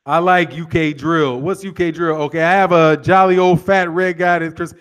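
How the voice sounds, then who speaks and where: A man's voice: a little high, fairly even intonation, normal speed, clean tone. Joking man on a live stream. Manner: laid-back, joking, reads out chat comments. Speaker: boxing channel host. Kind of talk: casual live stream chat with viewers.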